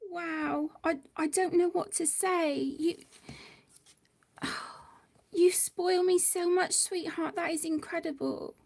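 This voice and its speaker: A woman with a high voice and a gravelly, fry-tinged edge hosts a relaxed livestream chat. She talks slowly and gently, in halting, effusive phrases. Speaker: livestream host of an adult colouring channel.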